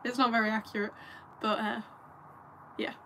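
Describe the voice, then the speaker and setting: A woman's voice: fairly high pitch, little pitch movement, normal speed, fairly bright tone, slight background noise. A young English woman from the north of England, chatting casually on a livestream, giggly and rambling as she answers viewers at home.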